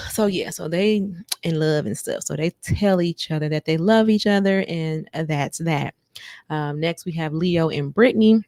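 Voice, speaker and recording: A woman hosting a podcast, recapping a show in a chatty, animated way. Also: on the low side, creaky, dry recording, clean studio sound. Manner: chatty, animated, breaks into sung bits and mock quotes. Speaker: podcast host. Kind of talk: casual recap chat.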